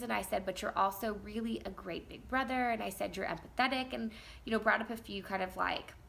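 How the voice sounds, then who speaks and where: A woman's voice: mid-range voice, vocal fry, a bit bright, slight background noise. A woman in her thirties casually telling a story as a vlogger and mom, chatty and rambling with many fillers.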